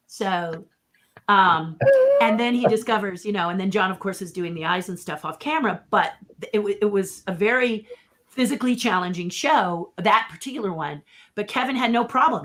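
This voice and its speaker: Woman, middle-aged, puppeteer, interview guest, animated storyteller, laughs often. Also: mid-range voice. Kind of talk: casual anecdote in an interview.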